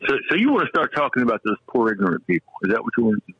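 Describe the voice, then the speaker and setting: A man chatting casually as a co-host, rambling and excitable with some swearing. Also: medium pitch, very fast, husky, no room sound, dull audio. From American South. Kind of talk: casual chat.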